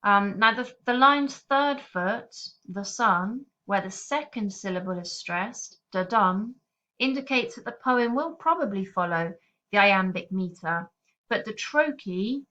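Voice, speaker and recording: A woman teacher giving a recorded poetry lesson over slides, explaining in a clear, steady, patient way. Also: mid-range voice, measured pace. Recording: slightly dull lo-fi audio.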